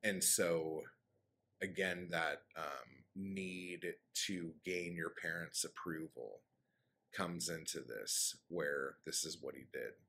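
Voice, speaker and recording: Very deep-voiced man, slow rambling recap. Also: sharp tone. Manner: loose and rambling, many "um" and "like" fillers, blunt swearing. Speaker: author summarizing his story. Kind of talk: casual spoken recap.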